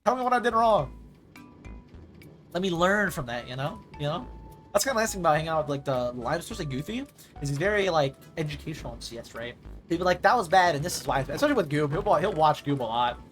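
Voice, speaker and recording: A man's voice: on the high side, expressive, fast, faint music behind. A young man streaming a game, chatting casually and rambling, often saying "like" and ranting when annoyed. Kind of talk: casual live-stream chat while gaming.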